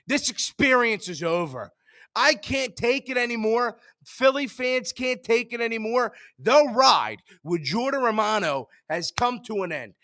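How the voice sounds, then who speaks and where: A young man hosting a sports show, ranting in frustration, jumping between loud outbursts and low mutters. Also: animated, measured pace, no room sound, studio quality.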